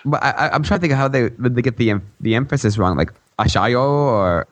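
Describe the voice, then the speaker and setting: A man's voice: medium pitch, lively intonation, a little fast. A man co-hosting a gaming podcast in casual chat, rambling and giggly with lots of fillers, his voice a bit worn. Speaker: podcast co-host.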